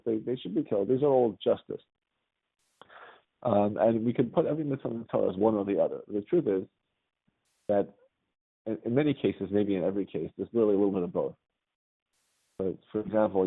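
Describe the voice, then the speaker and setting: Teaching a religious class in a conversational lecture style, a man with a lowish, gravelly, slightly rough voice regularly asks his students "right?" to check they're following. The sound is tinny and phone-like.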